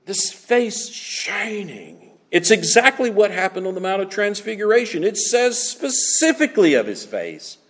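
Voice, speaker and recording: A man preaching a sermon, swinging between loud emphatic lines and hushed asides. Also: sits high, very animated, a little slow, in a large hall.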